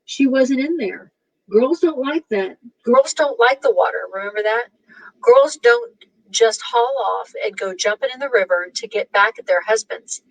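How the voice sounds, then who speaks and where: A man's voice: very high voice, animated, a little slow, vocal fry, fairly bright tone, far from the mic, heavily acted, rough recording. A woman voicing a smug, know-it-all skinny old man. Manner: smug, dismissive.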